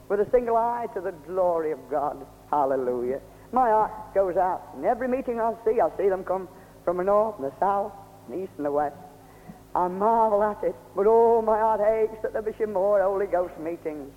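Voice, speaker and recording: A man's voice: sits high, normal speed. A man leading a revival meeting, ecstatic and exclaiming, with frequent hallelujahs. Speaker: preacher. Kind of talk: revival sermon. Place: church meeting hall. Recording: tinny old radio recording in a hall.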